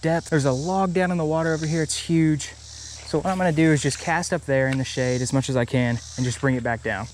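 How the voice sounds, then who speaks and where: A young man vlogging outdoors by a creek, excitable and often swearing and laughing. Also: fairly high pitch, fairly quick, a little hiss or hum. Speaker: fishing vlogger. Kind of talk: casual outdoor vlog chat.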